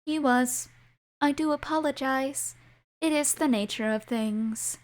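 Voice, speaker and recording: A calm, inevitable Death figure, voiced by a woman game master. The speech is slow and measured, a little low. It belongs to a fantasy tabletop game.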